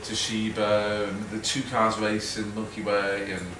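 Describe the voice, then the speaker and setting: A man's voice: lowish voice, completely flat delivery, a little slow. Middle-aged Liverpool man, self-mocking storyteller at a talk; recorded far off in a reverberant hall with background noise. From Liverpool, England. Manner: chatty, self-mocking, acts out quotes, laughs often. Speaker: guest speaker. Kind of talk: rambling anecdotal talk to an audience. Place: event hall with a live audience.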